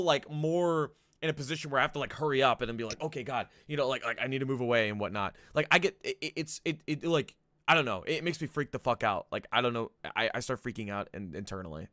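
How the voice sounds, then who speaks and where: Quick, bright-voiced male podcast co-host, halting and profane, dry close sound. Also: medium pitch, animated, no echo. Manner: halting, restarts, swears casually. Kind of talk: casual profane chat.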